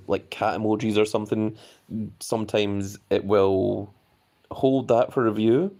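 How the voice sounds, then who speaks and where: A man's voice: fairly low pitch, darkish tone. A man hosting a casual live stream, chatting loosely and reading viewer messages aloud.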